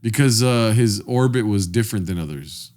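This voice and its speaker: A man's voice: fairly low pitch, expressive, moderate pace, a little mellow. A man co-hosting a podcast in casual chat, telling crude, rambling joking stories. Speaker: podcast co-host.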